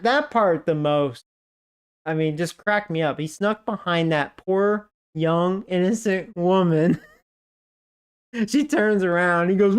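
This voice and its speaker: The streamer's voice sits high, clean and slow as he chats through a game. His casual stories wander and get profane, with many "like" fillers and frequent fits of laughter.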